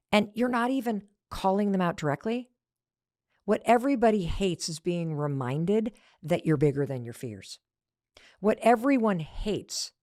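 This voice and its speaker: A middle-aged woman giving a motivational talk, telling her story with a lively, swooping voice. She acts out the people she quotes. The sound is close and dry. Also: medium pitch, no echo. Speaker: motivational speaker.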